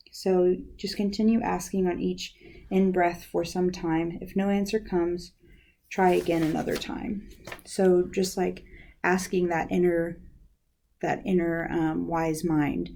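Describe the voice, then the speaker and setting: This young woman, a university outreach specialist, speaks in a fairly low, gravelly voice. She gives an informal guided lesson on counseling skills, staying relaxed and sprinkling in plenty of "um" and "like."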